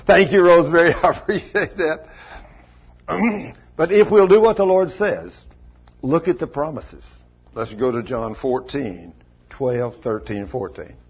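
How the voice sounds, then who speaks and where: A man's voice: fairly high pitch, breathy edge. A man preaching a folksy sermon, chuckling often and calling on congregation members by name. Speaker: pastor. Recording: dull lo-fi church recording.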